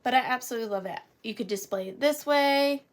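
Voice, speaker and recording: A woman's voice: a little high, quick pace, a little hiss or hum. A woman running a live vintage auction, chatting playfully and counting down bids. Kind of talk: casual live sale chat.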